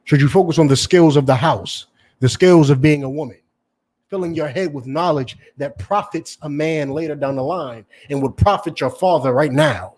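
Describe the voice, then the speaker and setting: A man preaches a confrontational sermon in a husky, slightly high voice. He lectures bluntly and swears freely, and he keeps asking his listeners whether they understand. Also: moderate pace, darkish tone. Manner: lecturing, profane, asks "You understand?" constantly. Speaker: preacher and teacher. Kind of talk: confrontational street-style sermon.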